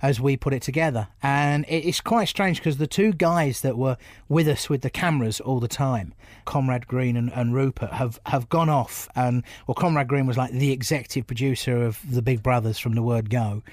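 A middle-aged man from England, telling stories from his stand-up career in an animated, laughing way. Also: medium pitch, moderate pace, dry recording, clean studio sound. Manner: animated storyteller, laughs often. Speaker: comedian guest. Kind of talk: casual anecdotal chat.

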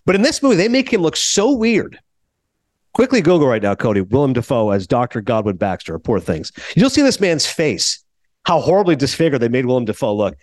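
A man hosting a podcast in casual chat, animated and talkative, jumping from thought to thought. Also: medium pitch, brisk, no echo. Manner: animated, chatty, jumps between thoughts. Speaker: podcast host.

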